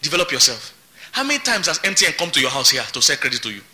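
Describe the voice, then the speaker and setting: A man's voice: on the high side, sing-song, racing, sharp tone. A man preaching a sermon as pastor, emphatic and repeating his words. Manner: emphatic, repeats words, laughs between points.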